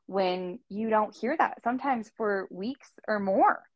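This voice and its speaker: Woman podcast host, unhurried and affirming, dry recording. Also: medium pitch, dry recording, lo-fi sound. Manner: supportive, many short affirmations. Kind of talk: casual interview chat.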